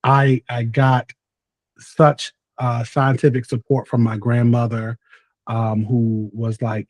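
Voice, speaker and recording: A man's voice: medium pitch, little pitch movement, slow, darkish tone, no echo. A man in his thirties with a Southern US accent, a talkative, playful podcast guest in casual chat. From North Carolina, US. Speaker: podcast guest, content creator.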